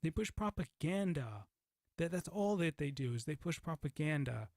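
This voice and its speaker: A man's voice: fairly high pitch, animated, moderate pace, darkish tone, no echo, clean studio sound. A man ranting sarcastically in a commentary monologue, mocking those he criticizes. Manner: sarcastic, mocks opponents in mimicking voices.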